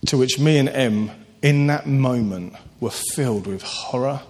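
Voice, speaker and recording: A man preaching a sermon, earnest and animated, telling stories with sudden lifts in his voice. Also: medium pitch, measured pace. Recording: long hall reverb.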